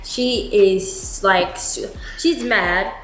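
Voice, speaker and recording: A woman vlogger telling a story in a chatty, animated way, full of filler words. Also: medium pitch, drawn-out words, soft background music. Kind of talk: storytime vlog. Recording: roomy with background noise.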